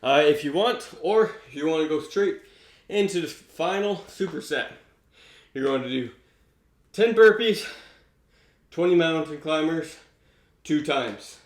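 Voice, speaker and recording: A man's voice: a little high, animated, a little slow. A man leading a home workout, counting reps aloud and catching his breath as he exercises. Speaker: fitness instructor. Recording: echoey room.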